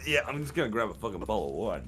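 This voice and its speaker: A man's voice: lowish voice, racing, background noise. A young British man, a voice actor, chatting loosely on a game stream, rambling and swearing often. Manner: relaxed, swears constantly, rambling. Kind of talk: casual chat on a game stream.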